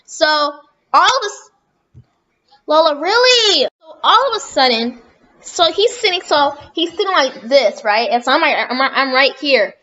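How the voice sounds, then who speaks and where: Woman vlogger, chatty rambling storytime, sharp bright tone, slightly muffled sound. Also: high-pitched, animated, unhurried. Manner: rambling, chatty, often corrects herself. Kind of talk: storytime vlog.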